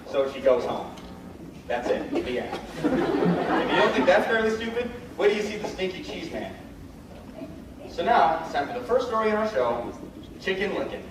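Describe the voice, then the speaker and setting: A man playing a fussy, put-upon narrator who tells stories with a quick storyteller's patter and exasperated asides. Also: on the high side, noisy background. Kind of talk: live stage comedy acting. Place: large indoor stage. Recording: echoey hall from far off, loud audience.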